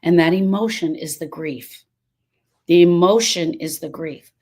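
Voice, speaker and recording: Woman grief coach on a live stream, talks to viewers, repeats stuff for emphasis, kinda low voice. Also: unhurried, a little mellow. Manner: emphatic and repetitive, restating points, prone to sidetracks. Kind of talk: live-stream talk answering viewer comments.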